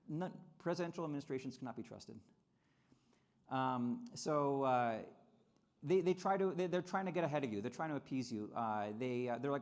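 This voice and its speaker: A man giving a lively convention speech on trade history, often repeating words and acting out quotes in mocking voices. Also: mid-range voice, fairly quick. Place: convention hall.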